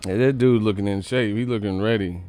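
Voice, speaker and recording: A man's voice: fairly low pitch, a little mellow, smooth. Slangy man riffing to his live chat. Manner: slangy, rambling, talks straight to chat; laughs often. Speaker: boxing channel host. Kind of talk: casual live-stream commentary.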